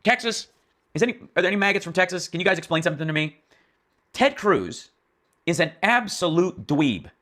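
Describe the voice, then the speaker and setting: A man with a fairly high, bright and forceful voice rants through political commentary. He mocks and swears freely and sounds exasperated. He rambles, restarts and trails off into asides as he talks. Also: sing-song, a little fast. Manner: profane, mocking, exasperated.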